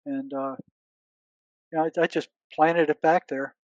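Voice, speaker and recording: A man's voice: fairly high pitch, steady tone, unhurried, no echo, dull audio. An older man, a retired psychotherapist interviewed as a guest, tells stories in a searching way, doubling back on his words and quoting past conversations. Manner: relives past conversations, quoting himself and others. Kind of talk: conversational storytelling.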